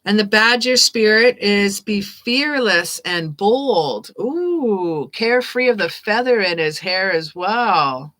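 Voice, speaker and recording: Woman hosting a live tarot stream: bright, forward tone, playful and encouraging, takes her time. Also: medium pitch, lively intonation, takes it slowly, few pauses. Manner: upbeat, playful, affirming. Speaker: tarot reader.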